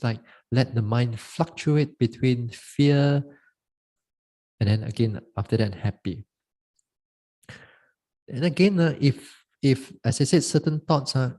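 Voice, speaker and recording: A Buddhist monk giving a dharma talk on meditation, halting and repeating words as he goes. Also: mid-range voice, dark tone.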